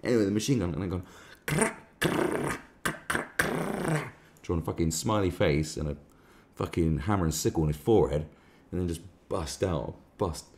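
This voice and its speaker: A man's voice: low voice, fast, hardly any pauses, heavy background noise. A man hosting a live stream, ranting sarcastically and swearing a lot in casual commentary. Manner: crude, sarcastic, swears often.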